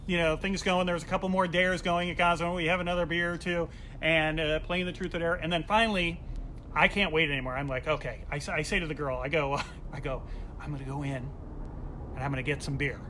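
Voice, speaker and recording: A man telling a funny personal story in a casual comedic way, acting out the voices with big jumps in pitch and volume. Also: fairly even intonation, a little fast, sharp tone, slight background noise. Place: home during quarantine.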